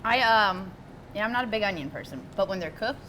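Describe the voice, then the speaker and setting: A young woman hosting a casual food-tasting chat in a restaurant, bubbly and quick with playful asides. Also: mid-range voice, lively intonation, pushed and bright, a little hiss or hum, low-quality recording. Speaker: news show host.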